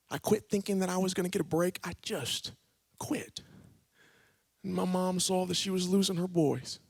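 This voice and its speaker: Man, high voice, sharp bright tone, church testimony, dramatic storytelling, dry sound. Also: no echo. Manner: dramatic storyteller, swinging from hushed to shouting. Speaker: guest speaker. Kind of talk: personal testimony sermon.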